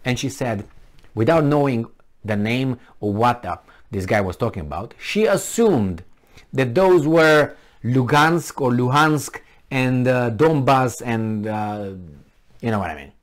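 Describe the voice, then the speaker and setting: A man's voice: mid-range voice, expressive, a little slow. A man vlogging in a casual, rambling way, sarcastic and mocking, a little tipsy from wine. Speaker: political vlogger.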